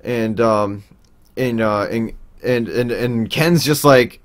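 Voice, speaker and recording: This young man's voice is medium in pitch, fairly bright, and at an ordinary pace as he casually tells a personal story. He stumbles through fillers and restarts, and he voices the people he quotes loudly.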